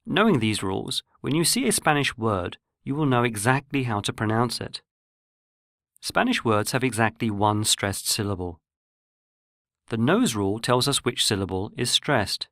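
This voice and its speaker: Male narrator for a language course, measured and explanatory, mid-pitched, dry close recording. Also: lively intonation, a bit bright, dry recording. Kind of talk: scripted lesson narration.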